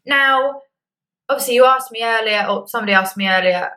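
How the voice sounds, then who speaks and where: A woman's voice: a little high, fairly quick, bright, forceful tone, poor audio. A young woman vlogging to camera in a candid, chatty way, acting out little quoted reactions. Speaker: beauty vlogger. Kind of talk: casual chat to camera.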